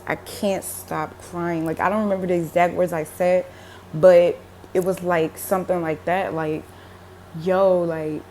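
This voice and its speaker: Slow, soft-voiced woman telling a dream. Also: lowish voice, slight background noise. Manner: slow, emotional storytelling with many fillers. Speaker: religious vlogger. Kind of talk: casual spoken dream testimony.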